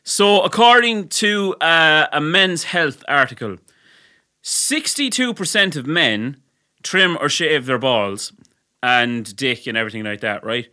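Bright, laughing Irish lad. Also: male voice, fairly high pitch, lively intonation, a little slow. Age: 20s. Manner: laughing, swearing, teasing. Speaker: podcast co-host. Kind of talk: crude casual chat.

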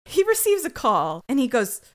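A woman's voice: high voice, wildly swooping pitch, normal speed. A woman co-hosting a casual podcast, recapping a TV episode with incredulous exclamations and frequent laughter. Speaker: podcast co-host.

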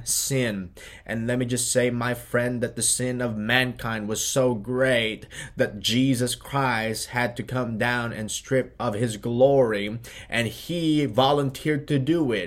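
A man preaching a short devotional sermon, earnest, addressing the listener as "my friend" and pausing on fillers. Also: mid-range voice.

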